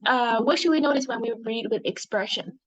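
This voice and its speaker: A woman's voice: a little high, brisk, poor audio. A woman teaching an English reading lesson to young learners, patient and encouraging, modelling how to read with expression.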